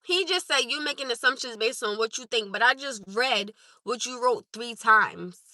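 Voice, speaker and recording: A woman with a high, very bright voice talks straight to her live chat as host. She is emphatic and insistent and keeps driving her points home. The sound is close and dry. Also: expressive, moderate pace, no echo. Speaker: livestream host. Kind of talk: live stream chat with viewers.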